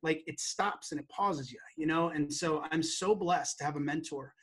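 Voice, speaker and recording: A man's voice: on the high side, moderate pace, fairly bright tone, husky. A man telling an emotional story as a guest in an interview, earnest and acting out quotes from the past. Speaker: guest educator.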